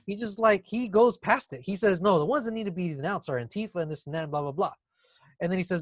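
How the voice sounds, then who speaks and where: A man's voice: high voice, fairly quick, dry recording. A man co-hosting a podcast, chatting casually and recapping events in detail. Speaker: podcast co-host. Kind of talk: casual political chat.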